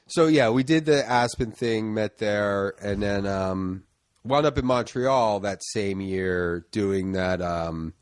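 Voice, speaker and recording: A man's voice: on the low side, slow pace, smooth, no room sound, studio quality. A man guesting on a podcast in casual chat, talking in a laid-back, mumbly way that often trails off.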